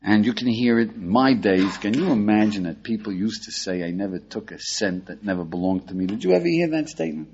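An older American man, a rabbi, giving a lively class and checking in with his listeners with a steady "yeah?". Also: on the low side, a little fast, hardly any pauses, slight background noise. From United States. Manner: animated, questioning the audience, frequent "yeah?". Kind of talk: lively Torah class lecture. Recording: dull lo-fi lecture recording.

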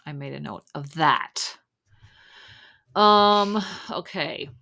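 A woman's voice: low voice, drawn-out words, gravelly, pushed and bright. A woman hosting a podcast, chatting casually and rambling with lots of fillers. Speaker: podcast host. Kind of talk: casual chat recapping a reality show.

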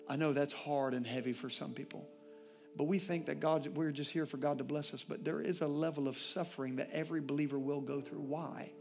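A man preaching from the pulpit with a fairly high voice, building to loud declarations and then dropping to hushed, personal asides. Soft music plays faintly behind him. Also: little pitch movement, brisk. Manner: impassioned preaching, swinging from loud declarations to quiet intimate asides. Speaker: pastor. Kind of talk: sermon.

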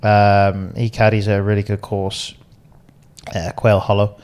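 Animated man telling golf stories. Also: lowish voice. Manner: animated storyteller, quick laughs, acts out quotes. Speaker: podcast co-host and caddie. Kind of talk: casual storytelling chat.

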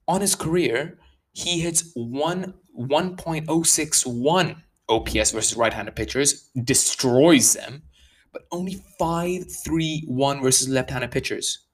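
A man giving casual sports commentary as a baseball analyst, getting worked up as he stresses numbers and restarts his sentences. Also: fairly high pitch. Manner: restarts sentences, fast and slow bursts.

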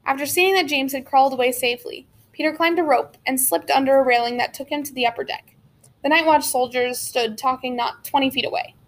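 High-voiced woman reading a novel aloud. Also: brisk. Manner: steady storytelling with occasional slips and restarts. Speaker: audiobook narrator.

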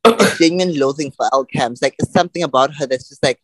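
A man's voice: fairly high pitch, fast talker, fairly bright tone, no room sound, clean studio sound. A man co-hosting a podcast, snarky and joking in casual chat. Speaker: podcast co-host.

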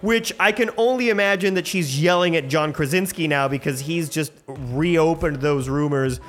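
A man hosting his own show, rambling excitedly and swearing freely through a casual movie review. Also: fairly high pitch, moderate pace, soft background music. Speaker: host.

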